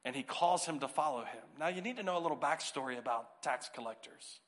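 A man's voice: fairly high pitch, quick pace, fairly bright tone. A man preaching as a pastor in a church service, reading scripture, praying and joking casually with the congregation. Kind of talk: sermon with scripture reading and prayer. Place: church sanctuary.

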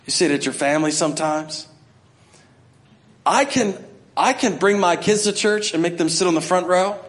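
A middle-aged man preaching a sermon to his church, talking conversationally and acting out scenes. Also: on the high side. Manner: conversational preaching, acts out voices, builds to shouting. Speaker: pastor.

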